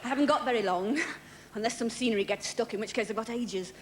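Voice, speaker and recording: A woman's voice: on the high side, fast. A woman comedian doing a stand-up routine on a large theatre stage, with a dry, self-deprecating delivery. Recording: noisy 1980s television broadcast with audience.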